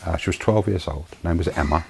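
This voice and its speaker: A man sharing a personal testimony in a slow, emotional storytelling manner. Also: low voice, creaky, background noise. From United Kingdom. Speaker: charity founder giving testimony.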